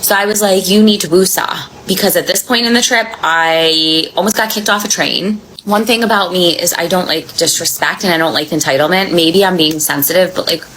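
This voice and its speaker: A woman vlogger telling a travel story in a casual, sassy, animated way, acting out the other people. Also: lowish voice, a little fast, few pauses, a little hiss or hum, rough recording. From Miami.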